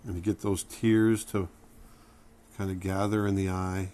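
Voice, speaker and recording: A middle-aged man narrating a drawing tutorial, relaxed and thinking aloud as he sketches. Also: low-pitched, unhurried. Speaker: drawing instructor.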